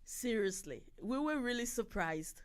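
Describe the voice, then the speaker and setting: Woman, beekeeper guest, casual interview, excited, laughing, high voice. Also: unhurried, smooth. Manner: excited, bubbly, laughs a lot.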